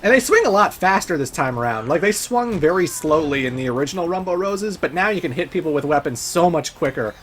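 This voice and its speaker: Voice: mid-range voice, lively intonation, brisk, few pauses. A let's play host giving casual, chatty gameplay commentary, laughing often and swearing now and then.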